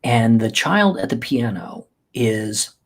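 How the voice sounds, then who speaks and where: A man's voice: mid-range voice, sing-song, slow pace. A man hosting a podcast, delivering an emphatic motivational monologue that repeats key phrases to exhort the listener. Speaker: podcast host.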